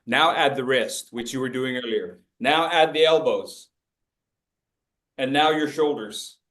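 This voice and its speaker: A man's voice: mid-range voice, a little slow, a bit bright. A man leading an interactive public speaking workshop over a video call, coaching participants by name and acting out gestures with playful voices.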